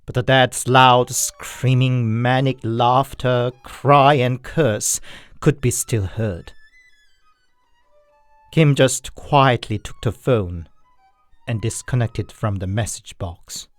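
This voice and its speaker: A man narrating scary stories in a slow, measured way. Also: mid-range voice, dry recording. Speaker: storyteller. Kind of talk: scripted horror narration. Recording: dry, with soft violin music. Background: faint violin music.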